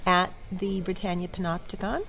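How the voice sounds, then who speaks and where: A woman's voice: fairly low pitch, fairly even intonation, moderate pace, a bit bright, slight background noise. A woman hosting a podcast, chatting in an encouraging way with many fillers. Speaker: podcast host. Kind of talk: casual interview chat.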